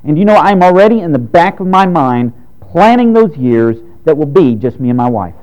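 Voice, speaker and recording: A pastor in his thirties delivers a sermon in a frank, direct way. His pitch swings widely between high emphatic lines and low quiet ones. The voice itself is mellow and dark. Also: big pitch swings, moderate pace, lo-fi sound. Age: 30s. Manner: preaching with rising and falling emphasis, direct and frank.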